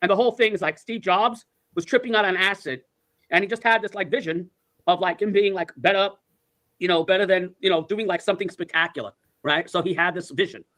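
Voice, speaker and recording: A man's voice: high-pitched, fairly quick, pushed and bright. A man in his sixties telling rambling, profane stories in casual chat, full of "like" and "I go". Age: 60s. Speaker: storyteller. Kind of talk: casual storytelling.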